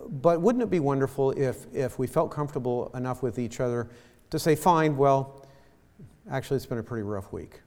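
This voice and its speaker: A man preaching a sermon as pastor, speaking slowly and haltingly, often repeating his words. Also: mid-range voice, mellow, in a large hall. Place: church sanctuary.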